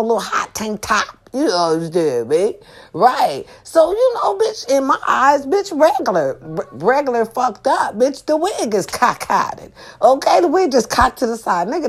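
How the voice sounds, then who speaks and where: A middle-aged woman vlogging a casual, profane venting monologue, addressing her viewers emphatically. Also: on the high side.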